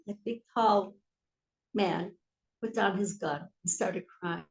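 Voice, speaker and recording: A woman leading an informal Torah class, telling stories and swinging between soft asides and emphatic lines. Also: mid-range voice, slow, gravelly, long pauses, lo-fi sound. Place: historic synagogue hall. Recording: echoey room.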